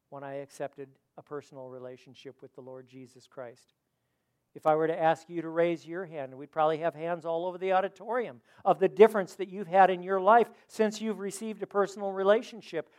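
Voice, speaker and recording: Pastor guy preaching in an auditorium, kinda high voice, goes loud then real quiet, stumbles on words sometimes. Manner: preaching with rising and falling intensity, repeats words. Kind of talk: sermon.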